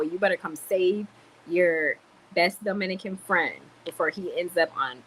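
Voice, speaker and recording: A young woman vlogging casually on a livestream, tired and chatty, telling stories with sudden loud exclamations. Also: lowish voice, moderate pace, husky, poor audio.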